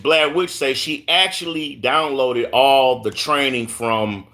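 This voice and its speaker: His voice is mid-range with a sharp tone. He's a Southern-accented man from Houston, Texas, running a laid-back live stream and reading out viewer comments, tripping on names and repeating himself often.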